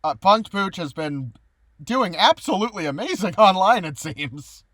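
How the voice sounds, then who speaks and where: High-pitched guy hosting a chill video call interview, laughs a lot, dry close mic. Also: expressive, unhurried, a bit bright, dry recording. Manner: laughs often, upbeat and joking. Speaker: podcast host.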